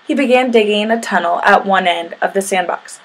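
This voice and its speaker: A woman reading a children's picture book aloud in a steady, gentle narration. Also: medium pitch, brisk, poor audio. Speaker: storyteller.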